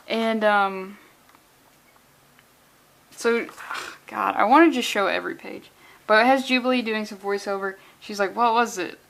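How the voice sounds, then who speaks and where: A woman vlogging a casual comic book read-along, with sarcastic, profane and animated rants. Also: fairly high pitch, a little hiss or hum.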